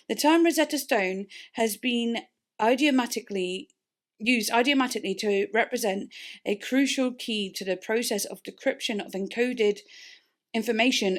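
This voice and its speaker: Animated young woman reading and reacting. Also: fairly high pitch. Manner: animated, breaks into laughs, swears casually. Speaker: music reaction video host. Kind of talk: reading lyrics and explanations aloud with comments.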